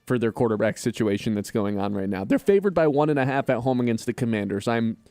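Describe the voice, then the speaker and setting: Male sports show host, mid-pitched, dry close studio mic, animated stat-heavy picks. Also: fast talker, no room sound. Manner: animated, runs through stats and rants. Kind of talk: casual sports betting chat. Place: radio studio.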